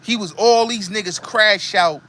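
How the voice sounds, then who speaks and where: A middle-aged man from the Bronx with a New York accent hosts a show, ranting in a heated, emphatic, repetitive commentary monologue. His voice sits high and a little slow, with a sharp tone and a faint hiss or hum.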